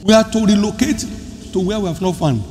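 A man preaching a sermon as pastor, emphatic, with sudden loud bursts and soft drops. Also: sits high, a little fast. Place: large church hall. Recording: large hall, reverberant, faint room noise.

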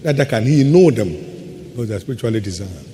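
A man preaching a sermon as pastor, emphatic, trading quick asides for slow, stressed words. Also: medium pitch, lively intonation, dark tone. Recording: faint hum in a long-reverb hall.

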